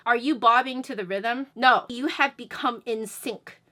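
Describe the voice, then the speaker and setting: A woman teaching music in an energetic, chatty way, her voice bright and crisp. She sits a little higher than most women and breaks into sung syllables to show the beat. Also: normal speed, hardly any pauses. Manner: explains then sings syllables to demonstrate beats. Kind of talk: instructional video lesson.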